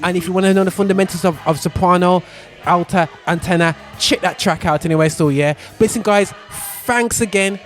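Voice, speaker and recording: A man hosting a casual chat, affirming the guests with frequent responses and lively talk. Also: sits high, fairly quick, soft background music. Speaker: host.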